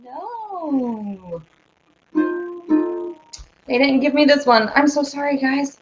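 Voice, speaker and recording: Ukulele plays in the background of this lo-fi recording as a woman from Oklahoma, speaking with a Southern accent, chats with viewers and responds to their comments between songs as singer and host. Her voice is high, brisk, and flat in delivery.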